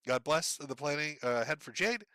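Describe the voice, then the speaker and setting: Man, livestream host, sardonic and crude, deadpan, bright tense voice, dry close sound. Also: on the high side, normal speed, no room sound. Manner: sardonic, profane, deadpan delivery with sighs and laughs. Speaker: streamer reading donations. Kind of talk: casual livestream chat.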